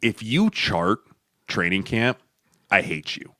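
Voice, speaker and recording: A man co-hosting a football podcast, telling locker-room stories with lively acted-out voices and a habit of saying "right?". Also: on the low side, dry recording, clean studio sound. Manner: animated storytelling, acts out coaches and players in quick voices, says "right?" a lot. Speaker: podcast co-host, former NFL lineman. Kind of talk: casual sports podcast chat.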